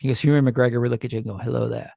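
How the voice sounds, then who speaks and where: A man's voice: mid-range voice, fairly even intonation, racing, gravelly, mellow, dry recording, studio quality. A man co-hosting a podcast in casual chat, joking and laughing often. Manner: jokey, laughs often, does goofy voices. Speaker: podcast co-host.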